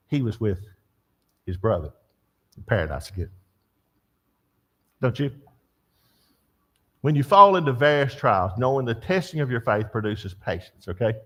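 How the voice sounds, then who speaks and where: An older man teaching a church Bible class, telling stories and asking the class questions. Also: medium pitch. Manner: storytelling, animated, asks the class questions.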